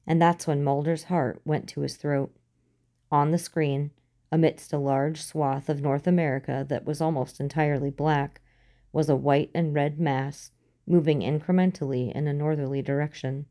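A woman reading a story aloud in a steady, even storytelling manner, as an audiobook. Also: sits low, moderate pace. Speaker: narrator. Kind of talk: audiobook reading of fan fiction.

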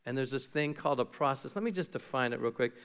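A man's voice: medium pitch, fast talker, fairly bright tone, clean tone. A middle-aged man preaching a sermon as pastor, talking conversationally and acting out little dialogues.

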